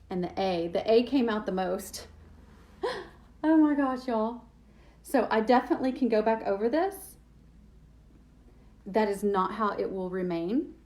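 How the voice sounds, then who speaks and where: A woman's voice: medium pitch, a little mellow. A woman hosting a live craft demo, chatting with viewers and thinking aloud as she works. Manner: chatty, self-deprecating, thinking aloud while working. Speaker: DIY crafts host.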